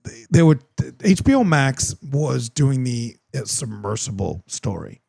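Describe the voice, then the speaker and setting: A man's voice: medium pitch, a little slow, creaky, no echo. A man hosting a podcast, telling a story casually and laughing as he talks. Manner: animated storytelling, laughs while talking. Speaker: podcast host. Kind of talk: casual chat.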